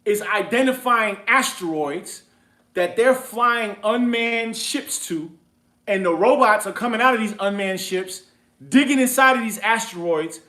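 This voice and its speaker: A man's voice: sits high, a bit bright, roomy sound. A man hosting a money seminar, blunt and profane, exhorting his listeners to change industries and make money. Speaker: seminar host. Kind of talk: impassioned motivational seminar talk.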